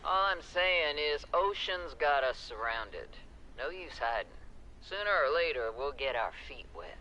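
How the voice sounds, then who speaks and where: Grim blunt castaway in a game voice log, hissy recording. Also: male voice, a little high, big pitch swings, unhurried, bright, forceful tone, dull audio, heavily acted. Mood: grim challenging. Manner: blunt, challenging. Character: grim blunt male castaway, middle-aged.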